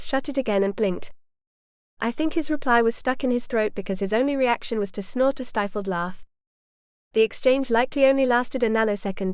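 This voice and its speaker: A woman reads a first-person audiobook with a cheeky, lively delivery. Her voice is smooth and clear and sits a touch high, captured on a close mic in a dry booth. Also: no room sound. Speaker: audiobook narrator.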